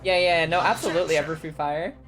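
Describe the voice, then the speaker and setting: A woman's voice: sits low, fast, a bit bright, a little hiss or hum. Giggly, swearing woman streamer. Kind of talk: casual game stream. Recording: game music behind.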